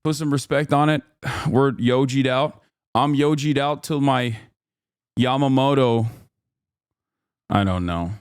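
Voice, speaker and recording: A man's voice: medium pitch, takes it slowly, long pauses, clean tone, dry recording, studio quality. A man in his thirties hosting a livestream in a casual chat style, playful and rambling, who swears freely and slips into mock announcer openings. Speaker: livestream host.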